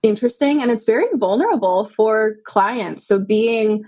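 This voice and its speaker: A woman's voice: fairly high pitch, moderate pace, darkish tone, poor audio. A woman talking as a podcast guest, a yoga teacher and doula, speaking earnestly and reflectively and often ending thoughts with tag questions. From United States. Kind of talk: conversational interview.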